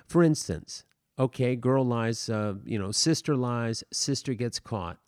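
A man explains acting in an unscripted lesson, talking loosely with fillers, false starts and asides. His voice is mellow and relaxed at a middle pitch. The sound is dry and close, with no room around it. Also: measured pace, no echo. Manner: rambling, full of fillers and restarts, paraphrases scene dialogue. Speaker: acting teacher. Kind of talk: casual spoken lesson.

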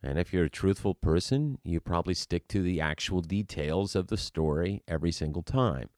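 A man speaking as an acting coach in an animated teaching monologue, asking rhetorical questions and acting out examples. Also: sits low, no echo, studio quality.

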